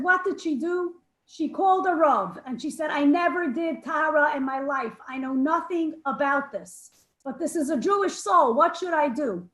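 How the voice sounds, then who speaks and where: A woman telling a personal story at a women's gathering over a video call, emotional and halting, restarting her sentences. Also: high voice, fairly bright tone, reverberant, poor audio. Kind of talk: heartfelt storytelling.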